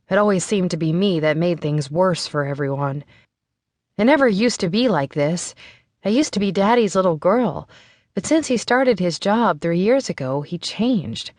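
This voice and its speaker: A woman narrating a first-person novel in a steady, measured way. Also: on the low side, dry recording, clean studio sound. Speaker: audiobook narrator.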